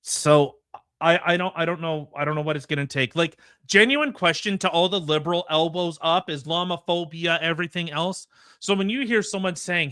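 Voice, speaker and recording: Male podcast host, indignant commentary, restarts a lot; bright tense voice, slightly high, dry. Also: moderate pace, no echo. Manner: indignant, heated, stammering restarts. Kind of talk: opinionated commentary.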